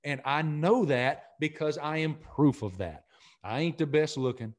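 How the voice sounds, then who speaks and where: A middle-aged man with a Southern accent, a guest in a podcast interview, talking in an earnest, energetic way and often repeating himself. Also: a little high, unhurried. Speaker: podcast guest, sports broadcaster. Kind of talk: casual interview talk.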